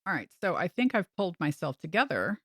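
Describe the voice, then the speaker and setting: A woman's voice: on the low side, fairly quick, slightly rough, no echo. Woman telling a story with dry sound. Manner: animated, acts out quoted voices. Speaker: realtor and podcast host. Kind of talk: casual storytelling chat.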